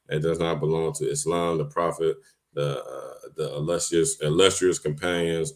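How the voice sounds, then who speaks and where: A man with a deep, low voice hosts a casual livestream from his home computer. He talks loosely and informally, drops in slang and laughs often as he goes. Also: a bit bright. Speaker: online livestream host.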